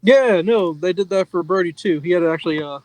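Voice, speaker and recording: A man's voice: sits high, fast talker, darkish tone, rough recording. A middle-aged man co-hosting a podcast in casual chat, chatty and laughing often. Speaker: podcast co-host.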